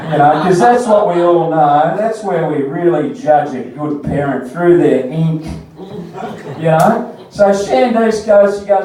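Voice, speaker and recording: Australian male comic, high and mellow, crude animated storytelling, distant mic in a very echoey bar. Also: measured pace. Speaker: stand-up comedian. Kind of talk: stand-up comedy set. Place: comedy bar stage.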